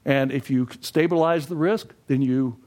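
A man's voice: medium pitch, normal speed, a little mellow. An older man giving a classroom lecture on finances, folksy and posing questions to the class before answering them himself. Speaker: financial education instructor.

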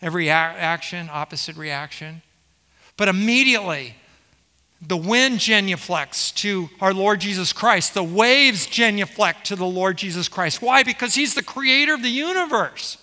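A man's voice: high-pitched, animated, normal speed, bright, forceful tone, big-room sound. A man preaching a sermon as pastor, explaining scripture and asking the congregation rhetorical questions.

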